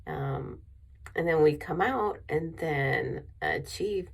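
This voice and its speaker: A woman's voice: low voice, lively intonation, slow, vocal fry, breathy edge. A woman vlogger telling a personal story in a rambling way with many restarts, emotional and near tears.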